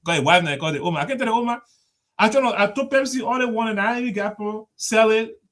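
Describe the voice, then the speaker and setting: A man telling a story on a talk show, animated, repeating words and laughing often. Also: high-pitched, quick pace.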